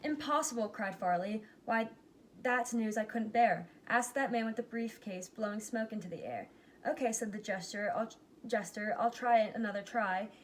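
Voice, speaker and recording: A woman reading a rhyming picture book aloud, giving its characters lively but plain voices. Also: fairly high pitch, normal speed, slight background noise. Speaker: reader.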